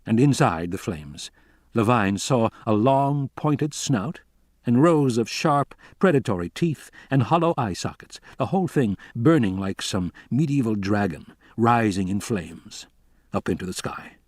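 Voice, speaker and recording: A man narrating a novel in a steady, even storytelling voice of middle pitch. The recording is dry and close, with no room echo. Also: unhurried. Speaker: audiobook reader.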